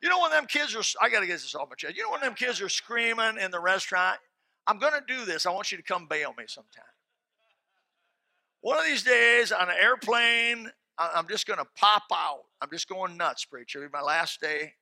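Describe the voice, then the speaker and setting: Bright-voiced, animated male preacher. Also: sits high, fast, no echo. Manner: folksy and animated, bursting into shouts; plain colloquial speech. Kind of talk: sermon with closing prayer.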